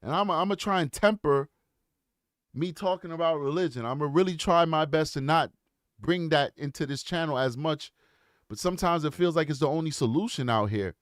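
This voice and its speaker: Man, channel host, personal commentary, earnest, impassioned questions, higher voice, dry close sound. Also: fairly quick, no echo. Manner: earnest and reflective, rising to impassioned rhetorical questions.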